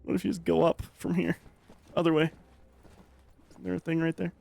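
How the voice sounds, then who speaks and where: A man's voice: on the high side, little pitch movement, fairly quick, creaky, a little mellow. A man in casual gaming chat, laid-back and laughing easily while giving backseat directions to the player. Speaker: co-commentator on a game playthrough.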